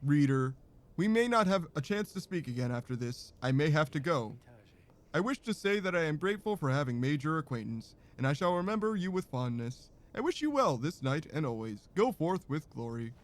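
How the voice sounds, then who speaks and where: A man voicing a gentle male minstrel from a game, speaking in a low, formal, courteous way. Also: very animated, brisk. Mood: tender farewell. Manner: formal, old-fashioned, courteous speech. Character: gentle, solemn male minstrel saying farewell.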